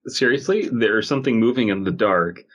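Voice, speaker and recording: A man's voice: lowish voice, lively intonation, fairly quick, a bit bright. A man co-hosting a podcast, rambling and stammering through jokes. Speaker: podcast co-host. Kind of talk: casual chat.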